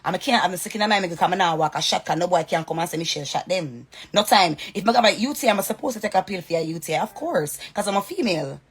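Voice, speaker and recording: A woman's voice: fairly low pitch, lively intonation, quick pace, hardly any pauses, breathy edge. A woman with a Jamaican accent in a direct-to-camera rant, heated, confrontational and repeating herself. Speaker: social media personality.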